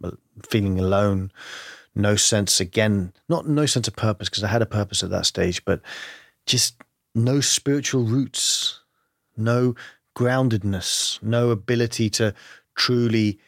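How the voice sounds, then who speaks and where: A man with a fairly low voice speaks slowly as a guest in a candid conversational interview. He's reflective and earnest, thinking aloud with lots of "you know" and "like." The sound is clean studio quality with no room sound.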